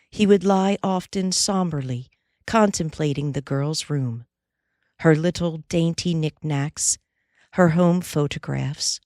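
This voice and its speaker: A woman narrating a classic novel in a low voice with measured, unhurried storytelling. Her pace is slow and steady. The sound is dry and close, with no room around it. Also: no room sound. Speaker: audiobook narrator. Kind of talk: scripted audiobook narration.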